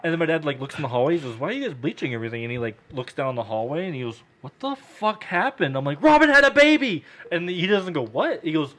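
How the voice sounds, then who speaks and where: Brief: young male podcast co-host, animated storyteller, acts out quotes, swears freely, casual chat. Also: medium pitch, fast talker, hardly any pauses.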